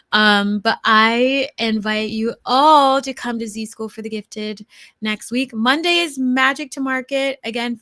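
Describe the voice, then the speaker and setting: A woman's voice: a little high, fairly bright tone, no echo. A woman healer hosting a casual livestream, rambling with many fillers and restarts, gushing and spiritual.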